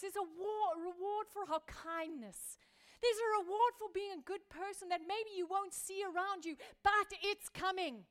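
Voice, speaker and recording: A woman pastor preaching a sermon, building through repeated phrases and dropping from loud emphasis to a hushed near-whisper. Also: very high voice. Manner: repetitive rhetorical building.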